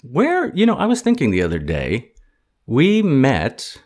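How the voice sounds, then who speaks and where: A man's voice: medium pitch, wildly swooping pitch, measured pace, darkish tone. A man hosting a podcast in a casual, jokey, self-mocking way while interviewing a guest. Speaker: podcast host. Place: home in a city.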